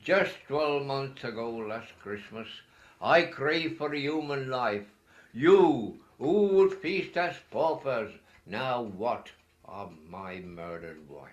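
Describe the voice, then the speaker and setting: Bitter old pauper guy raging in grief, a man reciting him, slow and heavy. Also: medium pitch, animated, dull audio. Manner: declaimed verse recitation.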